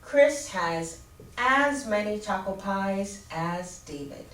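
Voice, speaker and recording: Slow, clear-spoken woman teaching grammar. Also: medium pitch, expressive, fairly bright tone. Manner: slow, clear teacherly explanation with spelled-out letters. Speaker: ESL teacher. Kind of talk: grammar lesson. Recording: roomy, distant mic with faint ambience.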